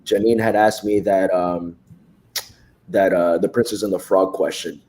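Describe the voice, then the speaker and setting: Male podcast guest, low-pitched, casual storyteller who mimics others, quiet home recording. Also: fairly even intonation, unhurried. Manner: storytelling, acts out quoted dialogue. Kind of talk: casual chat.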